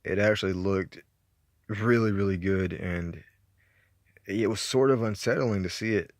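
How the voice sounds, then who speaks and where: A man's voice: fairly low pitch, a little slow, dry recording, studio quality. A man with a Southern accent from Georgia, chatting casually and rambling through his movie collection, laid-back and a bit profane. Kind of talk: casual chat.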